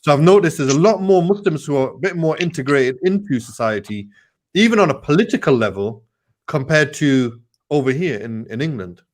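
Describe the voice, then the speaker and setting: A man's voice: on the high side, lively intonation, brisk. A man in a casual panel chat, talking conversationally and teasing the others. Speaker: panel guest.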